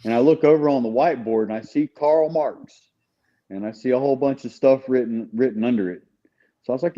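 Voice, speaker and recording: Mellow-voiced man telling a story. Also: mid-range voice, normal speed, muffled recording. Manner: conversational, with repeated restarts and "you know". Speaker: podcast guest. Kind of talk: casual storytelling chat.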